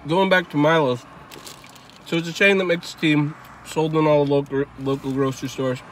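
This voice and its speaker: A man chatting casually over a meal, rambling in a relaxed way with lots of fillers. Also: a little high, moderate pace, slight background noise. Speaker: local guide and co-host.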